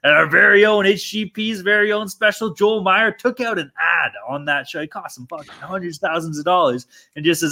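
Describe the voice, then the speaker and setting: A man's voice: a little high, a little fast, hardly any pauses, sharp tone. A young man hosting a sports betting podcast, chatting loosely with lots of swearing and jokes. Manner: loose, profane, joking banter. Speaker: podcast host. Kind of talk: casual podcast chat.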